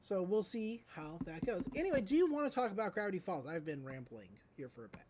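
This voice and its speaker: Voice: medium pitch, big pitch swings, quick pace, background noise. A podcast host giving a casual, rambling recap of a cartoon episode, with lots of likes and ums.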